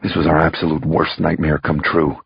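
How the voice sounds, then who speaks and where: Man, audiobook thriller narrator, raspy and low, dull lo-fi recording. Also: flat delivery, moderate pace, dry recording. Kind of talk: first-person thriller narration.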